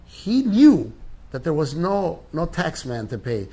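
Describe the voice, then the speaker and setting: An older man answering interview questions in an impassioned, emphatic way, rising in pitch on his key points. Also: very animated, slow, dark tone, husky.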